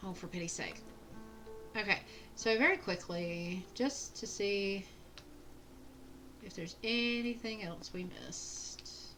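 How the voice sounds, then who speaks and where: A woman gives relaxed let's-play commentary, chatting and muttering through each move as she plays. Her voice is bright and crisp, at a middling pitch, with faint game music in the background. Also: slow pace, long pauses, poor audio. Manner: chatty, mutters narration of her own moves. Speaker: streamer playing a video game.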